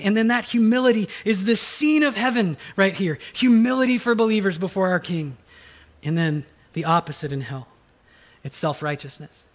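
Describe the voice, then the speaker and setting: High-voiced man preaching a sermon. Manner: earnest, emphatic preaching with acted quotes. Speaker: pastor.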